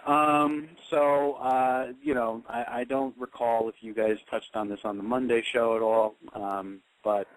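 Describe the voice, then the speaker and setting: A halting co-host full of fillers. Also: male voice, medium pitch, little pitch movement, poor audio. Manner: halting, heavy with ums and you-knows. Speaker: radio show co-host. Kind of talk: casual chat.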